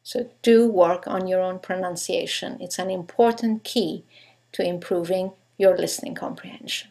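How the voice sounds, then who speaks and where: A woman's voice: lowish voice, vocal fry, darkish tone. A woman giving a scripted English pronunciation lesson, stressing each example word with care. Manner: slow, deliberate, stresses example words. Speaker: English teacher.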